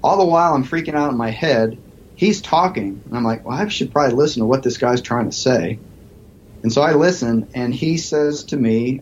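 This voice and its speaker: Male podcast guest, negotiator and professor, animated storyteller, slightly muffled audio with light noise. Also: mid-range voice, moderate pace. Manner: animated storyteller acting out quoted voices.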